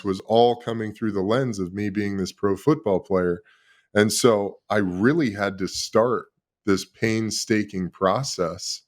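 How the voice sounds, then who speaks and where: A man in his thirties speaks in a low, deep register. He tells his own story as an interview guest. He sounds confessional and emotional and swears freely. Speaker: podcast guest, former pro football player. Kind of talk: candid personal storytelling.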